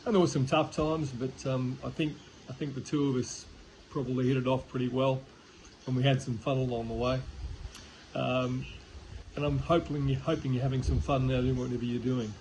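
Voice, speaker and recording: An older man, a former boss, giving a relaxed, reflective birthday message with fillers. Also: mid-range voice, normal speed, slight background noise, rough recording.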